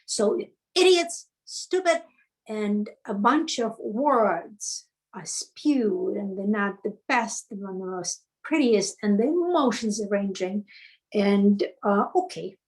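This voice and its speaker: Slow, deliberate woman coaching. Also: medium pitch, low-quality recording. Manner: storytelling with many fillers and restarts. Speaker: self-help coach. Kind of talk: unscripted teaching talk.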